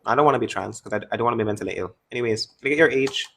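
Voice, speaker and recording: A male host running a combative live-stream debate. He talks at a rapid clip in a mid-range voice, cutting callers off and mocking them. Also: medium pitch, gravelly, fairly bright tone. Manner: mocking, interrupting, taunting callers.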